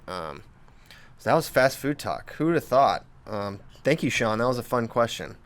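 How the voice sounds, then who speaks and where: A man's voice: mid-range voice, very animated, normal speed. A man hosting a podcast, teasing his guest and reading listener questions in easy, casual chat, laughing often. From US South. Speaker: podcast host.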